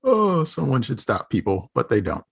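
A man's voice: mid-range voice, huge pitch swings, normal speed, creaky, slightly rough. A man co-hosting a podcast, chatting casually with dry, wry remarks. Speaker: podcast co-host.

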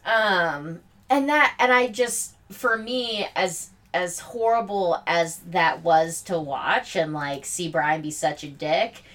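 A woman's voice: fairly low pitch, slow, hardly any pauses, far from the mic. A woman co-hosting a podcast, chatting casually and swearing as she recaps a film. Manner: animated, swearing, laughing, quoting characters. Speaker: podcast co-host.

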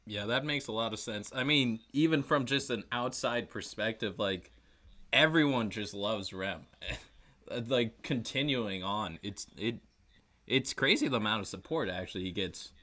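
A man's voice: fairly low pitch, measured pace, pushed and bright. A man interviewing a guest in a casual, friendly way. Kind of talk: interview questions.

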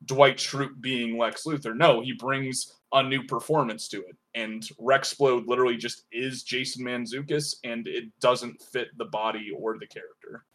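A man co-hosting a casual review podcast, talking in a measured, analytical way with frequent "uh" and "like". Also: medium pitch, fairly even intonation, fairly bright tone. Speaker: podcast co-host reviewing a show.

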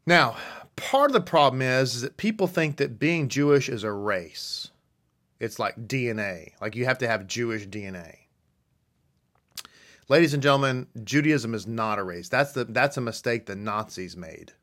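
A man teaching a religious lesson, reading passages slowly and then speaking emphatically, repeating words for stress and asking rhetorical questions. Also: medium pitch, animated, fairly bright tone. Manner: reads passages slowly, then speeds up in asides. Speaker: rabbi teaching a congregation. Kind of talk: sermon-style teaching.

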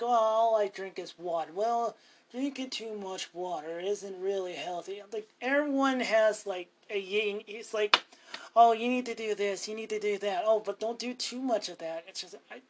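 A man's voice: high-pitched, normal speed. A man talks through a loose solo podcast episode, drifting from topic to topic. He swears freely and calls himself ornery, in an unscripted, chatty ramble. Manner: rambling, profane, self-talking. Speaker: podcast host. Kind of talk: casual solo podcast monologue.

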